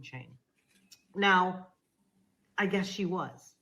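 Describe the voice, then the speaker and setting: A woman's voice: mid-range voice, moderate pace, pauses often, rough recording. Woman telling a story animatedly on a podcast. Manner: animated, acts out quoted dialogue. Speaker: podcast guest. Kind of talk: conversational storytelling.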